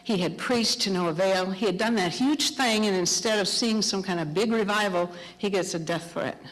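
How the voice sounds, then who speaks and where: A middle-aged woman preaching a sermon, telling a story with animated, acted-out dialogue. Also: medium pitch, moderate pace. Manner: animated storytelling, acting out dialogue in raised voices. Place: church sanctuary. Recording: long hall reverb.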